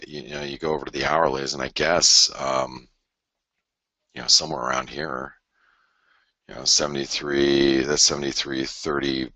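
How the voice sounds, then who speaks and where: A man's voice: pushed and bright, no echo. A man commenting live on currency charts in a rambling, repetitive way, often mock-quoting traders. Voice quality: very deep voice. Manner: rambling, repeats himself, mock-quotes traders. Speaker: market commentator. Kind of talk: live trading broadcast.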